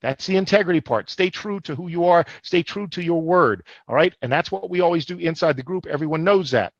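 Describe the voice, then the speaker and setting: A man's voice: a little high, a little fast, no echo. A man co-hosting a motivational online business webinar, emphatic and forever checking in with "all right?". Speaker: co-host. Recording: dull lo-fi livestream audio.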